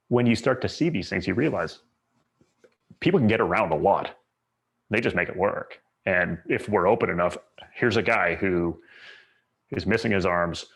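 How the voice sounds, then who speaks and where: A man, a guest speaker telling stories in a thoughtful way, often repeating and restarting his phrases. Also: a bit bright. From Canada. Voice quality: low gravelly husky voice. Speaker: guest speaker, Paralympic athlete. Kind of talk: reflective storytelling talk.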